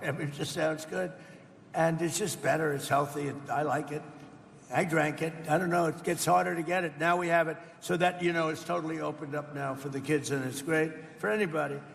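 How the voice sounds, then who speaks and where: A man's voice: fairly high pitch, creaky, a bit bright, long reverb tail. An older American man speaking off the cuff at a roundtable, rambling and boastful, repeating his phrases. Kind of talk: off-the-cuff speech. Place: indoor event hall.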